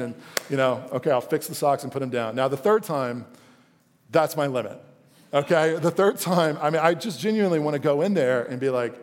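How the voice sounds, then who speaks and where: Higher-voiced male pastor in a hall. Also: normal speed. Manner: conversational storytelling with acted-out asides. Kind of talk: live sermon. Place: church gathering hall. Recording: long hall reverb.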